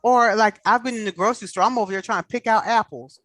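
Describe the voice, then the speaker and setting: A woman in casual chat, telling animated stories and acting out the people she quotes. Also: mid-range voice, fast talker, hardly any pauses, no room sound.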